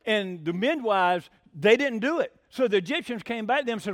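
Male preacher, high-pitched, folksy and excitable, close dry recording. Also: fairly quick, no room sound. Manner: excitable, rising to near-shouting, rhetorical questions; folksy, plain-spoken. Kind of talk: sermon.

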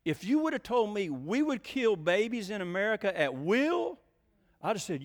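Animated older preacher. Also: male voice, sits high, normal speed. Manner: folksy, animated, asks the congregation questions. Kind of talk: sermon.

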